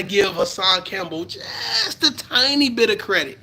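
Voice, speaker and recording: Unhurried and breathy with big pitch swings, this middle-aged New Yorker from the Bronx delivers a profane live-stream rant that swings from low mutters to loud outbursts.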